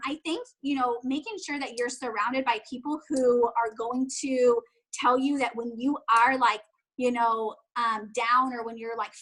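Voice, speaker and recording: A woman in her thirties talks fast and casually as an interview guest, leaning on "like" at every turn. Her voice sits high and comes across bright and forceful. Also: rough recording. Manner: fast, chatty, full of "like" fillers. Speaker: guest, network marketing distributor.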